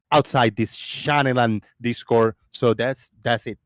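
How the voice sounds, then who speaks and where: A man's voice: mid-range voice, steady tone, a little slow, few pauses, no echo. A man hosting a casual live stream call, giving blunt, emphatic warnings to the chat. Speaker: host.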